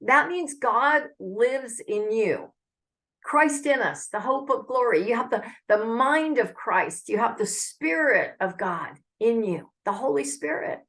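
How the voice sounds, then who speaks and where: A woman's voice: a little high, lively intonation, unhurried, fairly bright tone. A woman giving an earnest, heartfelt devotional message with prayer, speaking conversationally to her viewers. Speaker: Christian speaker.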